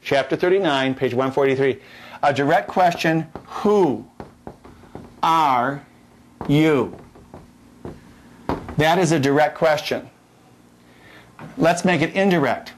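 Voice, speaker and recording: A man's voice: a little high, normal speed, a little hiss or hum. A middle-aged man teaching Latin at a whiteboard in a classroom, folksy and jokey, repeating key points and restarting his sentences.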